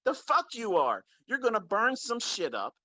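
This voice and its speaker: A man's voice: sits high, huge pitch swings, normal speed, pushed and bright, no room sound. A man teaching trading, scolding his followers in a blunt, heavily profane rant and repeating his points for emphasis. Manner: stresses points by repeating them. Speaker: trading mentor. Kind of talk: unscripted ranting lecture to followers.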